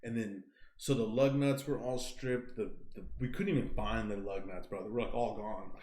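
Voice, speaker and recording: A young man telling a long story on a casual podcast, animated and profane, filling his talk with "like.". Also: fairly low pitch, moderate pace, noisy background. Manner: animated, profane, heavy use of "like". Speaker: podcast co-host. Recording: roomy echoey room.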